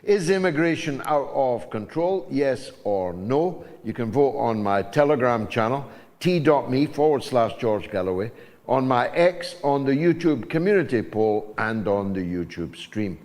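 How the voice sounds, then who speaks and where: A man's voice: medium pitch, sing-song, unhurried, a little mellow, in a large hall. An older man from Scotland hosting a talk show, delivering monologue and links with emphatic, oratorical force. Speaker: show host.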